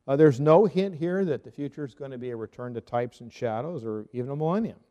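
A man's voice: mid-range voice, lively intonation, fast, warm tone, long reverb tail, muffled recording. A man, a Reformed pastor, giving an earnest, argumentative theological talk full of rhetorical questions.

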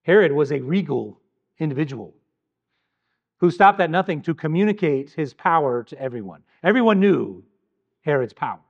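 Measured, emphatic male Bible teacher. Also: on the high side, big pitch swings, muffled recording. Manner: measured and emphatic, with deliberate pauses. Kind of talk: scripted Bible teaching narration.

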